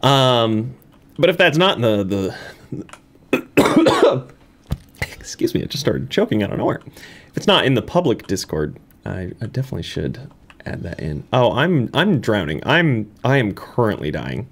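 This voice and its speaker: A man in a casual let's-play commentary, rambling and self-mocking, bursting into high excited laughter. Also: normal speed. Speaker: gaming YouTuber. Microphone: desk microphone.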